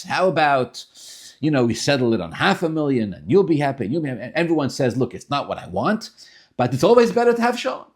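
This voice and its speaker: A man teaching a Tanya class in an animated way, often repeating himself and restarting phrases. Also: on the high side, breathy edge. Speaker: Torah teacher.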